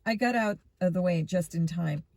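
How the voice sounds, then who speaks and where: Woman reading a mystery aloud, mellow. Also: on the low side, normal speed, no room sound. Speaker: reader.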